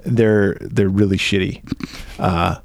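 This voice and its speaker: A man's voice: low-pitched, steady tone, slow, vocal fry, dry recording. A man co-hosting a podcast, chatting casually about a movie, crude and jokey, often acting out scenes in silly voices. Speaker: podcast co-host.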